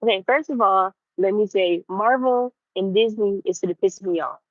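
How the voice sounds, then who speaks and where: A woman's voice: mid-range voice, normal speed, dry recording. Young woman vlogger, chatty and worked up, dry slightly muffled sound. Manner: animated, repeats herself for emphasis. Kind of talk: casual ranting chat to viewers.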